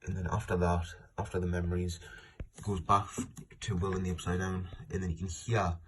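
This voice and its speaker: A man's voice: low-pitched, level tone, a little fast, a little hiss or hum. A man retelling a comic story in a casual spoken review, rambling with many "like" and "and then" restarts. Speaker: fan forum moderator reviewing comics.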